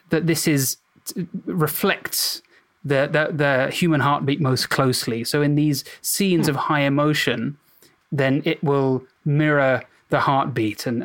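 A man who is a doctor, a guest on a podcast, talking thoughtfully with halting restarts. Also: medium pitch, a bit bright. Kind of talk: casual podcast discussion.

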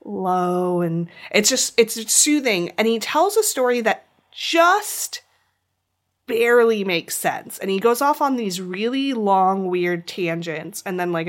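Chatty woman co-hosting a podcast. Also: mid-range voice. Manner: chatty, rambling with restarts. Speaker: podcast co-host. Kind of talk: casual chat.

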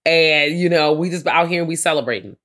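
A woman's voice: low-pitched, brisk, a bit bright. A woman co-hosting a movie podcast, talking bluntly and profanely in casual chat. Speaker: podcast co-host.

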